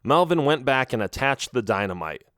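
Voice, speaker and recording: A man narrating an audiobook adventure in the first person, with expressive storytelling. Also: mid-range voice, normal speed, dry recording, studio quality.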